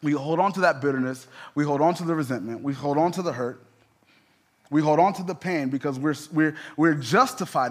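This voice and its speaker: Man preaching a lively conversational sermon. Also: fairly high pitch, brisk. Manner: conversational preaching, rising to emphatic peaks. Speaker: pastor.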